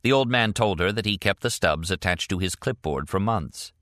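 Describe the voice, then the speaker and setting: Reading scripted narration from a novel, this male audiobook narrator keeps a measured, deliberate pace. The voice is crisp, forceful, and very deep, and the close, dry recording has no room sound.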